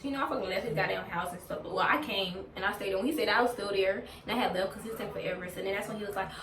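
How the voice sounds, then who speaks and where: Rapid-fire and medium-pitched, this vlogger vents through a blunt, heavily profane storytime over crowd noise. She sounds roomy and far from the mic.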